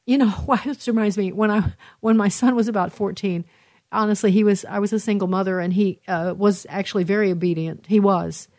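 A woman's voice: medium pitch, steady tone, a little fast, a little mellow, no room sound, clean studio sound. A middle-aged woman hosting a talk radio show, reading listener messages in an earnest, emotional way with many fillers and restarts.

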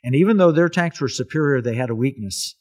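A man's voice: mid-range voice, expressive, fast, a little mellow, husky. Man, talk host, storytelling, earnest, emphatic. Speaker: host telling history. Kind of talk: casual storytelling conversation.

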